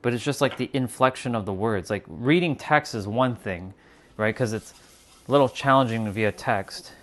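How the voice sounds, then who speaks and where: A man's voice: mid-range voice, moderate pace. A man hosting a livestream, talking casually and reflectively to his chat about spiritual ideas while cooking in his kitchen, with fillers and restarts. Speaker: livestream host. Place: home kitchen.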